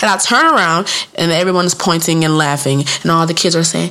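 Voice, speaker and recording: A woman in her thirties telling a comic story about her childhood, profane and playful, jumping into high squeaky voices for the people in it and laughing at her own jokes. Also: fast. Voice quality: animated, acts out voices in high squeaky pitch. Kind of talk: storytelling stand-up routine.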